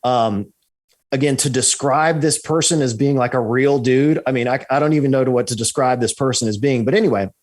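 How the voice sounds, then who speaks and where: Man, podcast guest, middle pitch, storytelling, animated, restarts sentences. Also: a little fast. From United States. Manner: animated, repeats "right?" and restarts. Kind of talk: storytelling in an interview.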